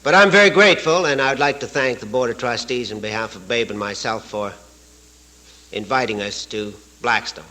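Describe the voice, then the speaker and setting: A man's voice: medium pitch, normal speed, bright, forceful tone, poor audio. A man from Canada giving a folksy, joke-filled talk at a recovery retreat, chuckling at his own stories. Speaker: AA speaker. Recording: archival live talk recording.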